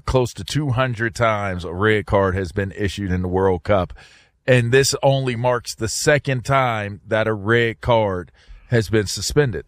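A man's voice: on the low side, dry recording, studio quality. A man co-hosting a casual talk show, arguing his point with frequent restarts and repeated words. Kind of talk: casual debate chat.

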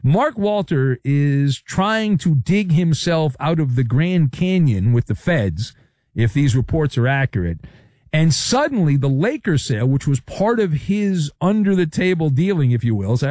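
Animated, jokey male sports commentator. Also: fairly high pitch, measured pace, no echo, clean studio sound. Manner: theatrical, jokey, full of wordplay and sound effects.

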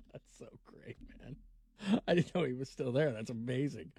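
A man's voice: mid-range voice, normal speed, creaky, dark tone, slightly rough, no room sound. A man hosting a late-night sports call-in radio show, rambling and restarting his sentences with frequent laughs. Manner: rambling, self-interrupting, laughs often. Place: radio studio. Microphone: studio microphone.

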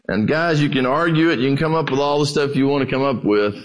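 A middle-aged man preaching a sermon, telling stories and talking to his listeners as "guys" in a relaxed, conversational way. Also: mid-range voice, fast. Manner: storytelling with acted quotes, conversational asides to "guys". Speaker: pastor.

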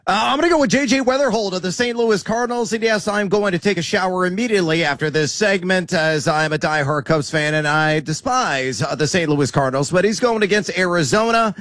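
High-voiced guy joking about his baseball pick, dry close mic. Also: a little fast, few pauses, fairly bright tone, no echo. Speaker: sports show crew member. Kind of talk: casual sports talk.

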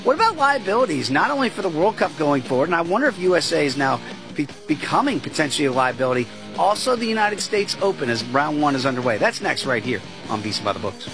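A man's voice: a little high, big pitch swings, fast talker, music in the background. A man hosting a sports betting talk show, chatting casually with asides and tangents. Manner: chatty, conversational, fond of asides.

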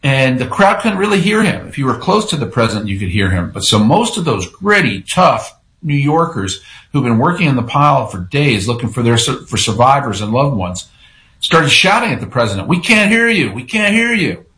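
A man's voice: medium pitch, fairly quick, low-quality recording. A man being interviewed on a radio show, telling a story vividly and acting out the quotes. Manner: animated storyteller who acts out quotes. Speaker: radio show guest, former press secretary.

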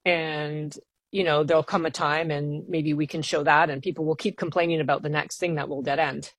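A woman with a low voice talks as a scientist in an interview. She explains her work at length, earnest and enthusiastic. The sound is dry and close, as in a studio. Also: steady tone, fairly quick, no room sound. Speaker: planetary scientist guest. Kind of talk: radio interview.

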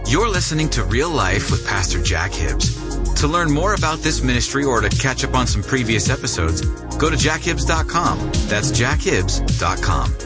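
Male announcer over loud music. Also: mid-range voice, very animated, normal speed. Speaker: program announcer. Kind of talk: scripted radio announcement.

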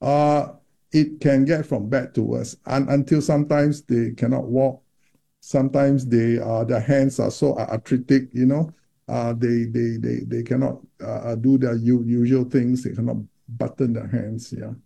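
Gravelly, dark-toned doctor explaining patiently. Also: male voice, medium pitch, level tone, normal speed. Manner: explanatory, many repeated words and restarts. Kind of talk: interview about menopause research.

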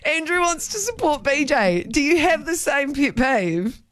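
A woman's voice: sits high, unhurried, no echo. Bubbly woman radio co-host. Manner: bubbly, laughs often, animated retelling. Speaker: radio breakfast show co-host. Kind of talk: casual radio chat. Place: radio studio.

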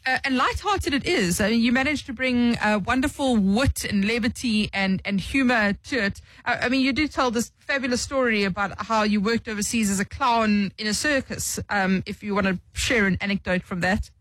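A radio host leads the interview, building long questions slowly and praising the guest's book between hesitant fillers. The voice sits at a moderate pitch in a dry, close studio sound. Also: no room sound, poor audio. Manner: warm praise, frequent fillers and restarts when asking long questions.

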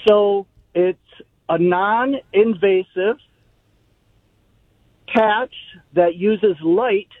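A man's voice: high voice, extremely slow, pauses often, dry recording. Male caller over a tinny phone line. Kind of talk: call-in radio chat.

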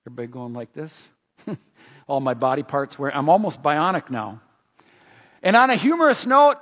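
A middle-aged man preaching a sermon in an animated, emphatic, repetitive way. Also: on the high side. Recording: dull reverberant church sound.

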